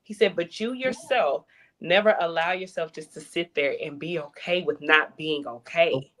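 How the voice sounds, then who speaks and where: A woman's voice: low-pitched, moderate pace. A woman in a casual group chat telling a candid personal story and acting out quoted dialogue. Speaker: panelist.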